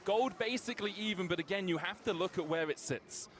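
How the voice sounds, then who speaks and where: A man calling an esports match play-by-play in a high voice. He rises to excited shouts when the fights break out. The broadcast feed has a clear hiss of noise. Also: a little fast. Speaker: play-by-play caster.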